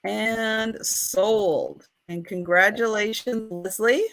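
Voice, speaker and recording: A woman co-hosting a live online vintage sale, describing each piece carefully with frequent ums and pauses, streaming over a home internet connection. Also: mid-range voice, fairly even intonation, creaky, a bit bright. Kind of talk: live online sales chat.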